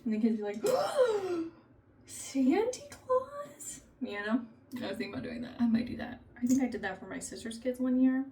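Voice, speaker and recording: A woman in her thirties, a mother of three, chatting casually to camera and telling family stories with animated quoted lines. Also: a little high, fast, far from the mic, slight background noise.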